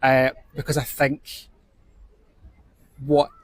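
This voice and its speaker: A man's voice: medium pitch, monotone, slow, no room sound. A Scottish man, a theatre director, talking thoughtfully and with some hesitation as a guest in a casual interview. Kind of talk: casual chat.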